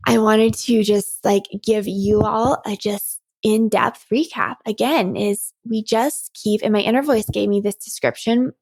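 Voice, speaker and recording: A woman's voice: medium pitch, a little slow, hardly any pauses, darkish tone, dry recording. A woman hosting her own podcast as a coach, talking earnestly and animatedly about her month, often laughing between thoughts. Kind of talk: reflective solo podcast talk.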